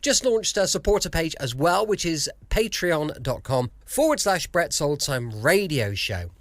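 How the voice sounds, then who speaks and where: A man's voice: on the high side, animated, a little slow, no echo. A man hosting a podcast from his home, chatting enthusiastically. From south coast of England. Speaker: podcast host. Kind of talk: casual podcast introduction.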